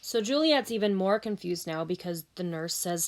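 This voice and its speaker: A woman teacher explains a play scene in a casual, plain way and retells each moment for learners. Her delivery is relaxed and explanatory. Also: fairly low pitch, normal speed. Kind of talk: casual lesson summary.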